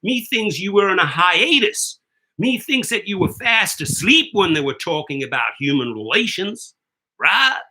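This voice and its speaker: Mocking figure in a made-up accent, man doing it, broken grammar, taunting tone, high voice. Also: sing-song, a little slow, sharp tone, slight background noise, heavily acted. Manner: taunting, drops grammar with "me think".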